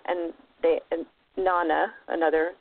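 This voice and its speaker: Woman, storyteller, lively, playful character voices, tinny phone-line sound. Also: low-pitched, unhurried. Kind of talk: casual retelling of a myth.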